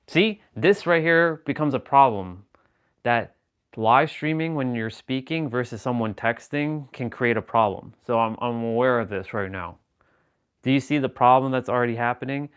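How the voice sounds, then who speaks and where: A man's voice: medium pitch, animated, unhurried, fairly bright tone, smooth. A man chatting casually on a live stream, rambling and joking as he reacts to viewers' comments.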